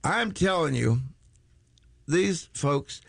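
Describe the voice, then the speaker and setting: A man's voice: on the high side, expressive, drawn-out words, gravelly, dry recording. A man hosting talk radio, rambling and joking with many stammered restarts. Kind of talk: excitable talk radio banter.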